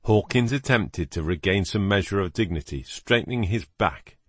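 Casting: low, husky male narrator, lively intonation, dry close sound. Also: normal speed, no room sound. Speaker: audiobook narrator. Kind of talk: scripted narration.

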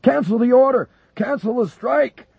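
A man voicing a frantic aide, shouting at a very high pitch to cancel an order. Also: moderate pace, creaky, breathy edge, no echo, lo-fi sound, full character voice. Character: frantic male aide shouting to stop strike.

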